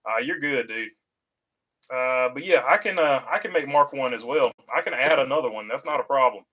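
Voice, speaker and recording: A man hosting a casual livestream, reading out viewer comments and answering them in a halting, easygoing way with lots of "uh" fillers and restarts. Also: medium pitch, bright, forceful tone, poor audio. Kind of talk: casual livestream chat about racing.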